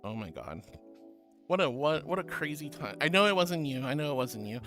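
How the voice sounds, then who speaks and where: A woman's voice: deep voice, big pitch swings, a little fast, a bit bright. A woman streamer chatting casually on a livestream, bubbly and giggly, reading chat messages aloud. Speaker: VTuber streamer. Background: background music.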